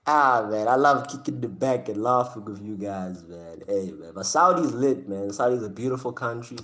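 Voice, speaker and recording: A man's voice: fairly low pitch, expressive, moderate pace, fairly bright tone. A man from Africa, hosting a live stream and chatting casually with his viewers in a slangy, joking way. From South Africa. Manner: slangy, joking, talks straight to chat, often laughs. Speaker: live-stream host reacting with chat.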